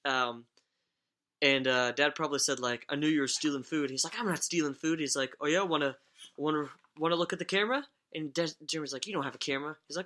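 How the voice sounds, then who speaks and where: A young man with a high-leaning, bright, forceful voice talks fast on a casual podcast. He rambles through stories, swears, and laughs often while chatting.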